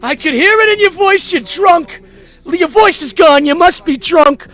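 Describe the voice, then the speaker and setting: A man voicing a nagging middle-aged mother on the phone, shrill and accusing, repeating herself. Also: lively intonation, a little slow, sharp tone, soft background music, heavily acted.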